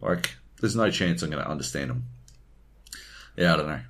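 Animated man, lively swearing podcast chat. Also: a bass voice, moderate pace. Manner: animated, swears freely, acts out quotes. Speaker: podcast co-host. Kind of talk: casual gaming podcast chat.

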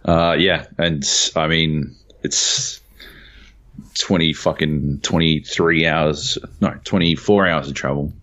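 A man, co-hosting a podcast, telling a travel story in an animated way and swearing often while jet lagged. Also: very deep voice, slow. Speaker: podcast co-host. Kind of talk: casual chat. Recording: dull lo-fi audio.

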